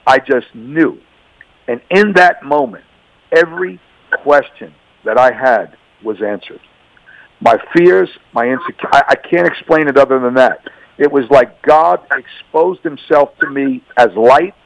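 A man's voice: mid-range voice, lively intonation, unhurried, creaky, no echo, rough recording. A man giving an earnest, emphatic faith testimony as a radio guest, repeating himself and stammering through restarts.

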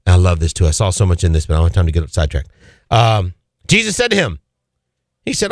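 A male radio preacher delivering a sermon, swinging his pitch and emphasis suddenly. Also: huge pitch swings, fast, gravelly, no echo, studio quality.

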